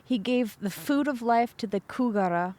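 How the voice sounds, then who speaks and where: A woman's voice: on the high side, lively intonation, normal speed, darkish tone. Woman reading a myth with chatty asides. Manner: chatty asides, corrects her own slips. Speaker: podcast host.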